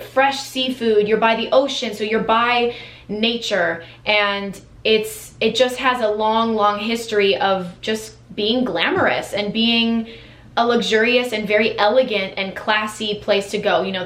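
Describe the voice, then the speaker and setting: A woman's voice: on the high side, a bit bright. An American woman vlogger talking casually and enthusiastically to camera, with lots of fillers and restarts. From United States. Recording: echoey room.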